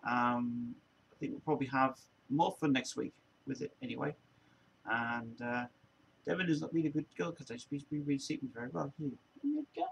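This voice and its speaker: A man's voice: medium pitch, fairly even intonation, normal speed, vocal fry, muffled recording, slight background noise. A man hosting a casual live-stream chat, rambling and laughing at his own impressions.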